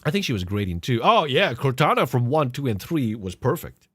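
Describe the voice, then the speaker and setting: A man's voice: mid-range voice, sing-song, brisk, husky, no room sound, clean studio sound. A man hosting a podcast and reacting to game clips in casual commentary, sarcastic and mocking, swearing and laughing often. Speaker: podcast host.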